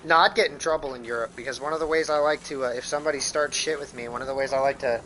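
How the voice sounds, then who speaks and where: Brief: American streamer, profane rambling chat, sharp forward tone, desk mic. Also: male voice, medium pitch, steady tone, racing, slight background noise, poor audio. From United States. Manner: rambling and profane, with frequent restarts. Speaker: live streamer. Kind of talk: casual gaming stream chat.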